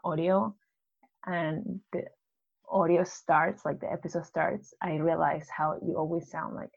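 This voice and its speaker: A bubbly woman co-hosting a podcast in easy, laughing chat. Her voice sits a little low and sounds muffled, as though it came through a lo-fi remote mic. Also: steady tone, a little slow, gravelly, breathy edge. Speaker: podcast co-host. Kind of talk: casual chat. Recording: lo-fi, dull sound.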